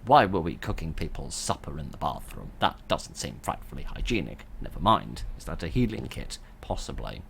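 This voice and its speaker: Deep, wry man gaming. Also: big pitch swings, moderate pace, vocal fry, few pauses, fairly bright tone, slight background noise. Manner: wry, sarcastic, rambling asides. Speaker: gameplay commentator. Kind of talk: let's play commentary.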